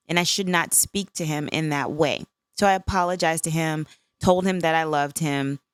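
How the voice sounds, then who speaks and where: A woman's voice: low voice, fairly bright tone, smooth, dry recording. A woman in her fifties hosting a solo podcast, talking candidly in a conversational way and often checking in with "right?". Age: 50s. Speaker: podcast host.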